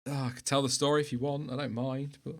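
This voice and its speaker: A man's voice: mid-range voice, level tone, fast. A man in his thirties hosting a casual live stream, reading out timing data and chatting with a co-host, often laughing at himself. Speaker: podcast host. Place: home setup, no footage.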